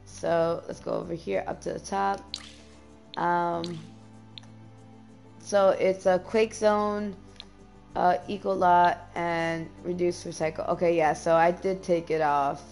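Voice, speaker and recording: A young woman streaming a life-sim game, chatting casually with lots of ums and quick bursts of dismay. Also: lowish voice, steady tone, vocal fry, darkish tone, soft background music. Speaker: gameplay streamer. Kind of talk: casual gameplay commentary.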